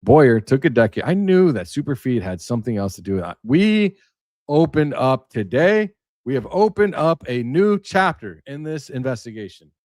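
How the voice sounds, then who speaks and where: A man's voice: mid-range voice, sing-song, normal speed, a little mellow, dry recording, studio quality. A man hosting a casual livestream, rambling and emphatic, reading aloud and then riffing on it. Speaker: livestream host. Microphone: webcam setup.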